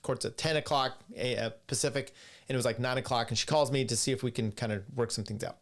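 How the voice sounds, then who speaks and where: A man's voice: medium pitch, fast. A man hosting a podcast, casually telling a worked-up story with lots of fillers and restarts. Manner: animated, worked-up retelling with many fillers. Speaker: podcast host.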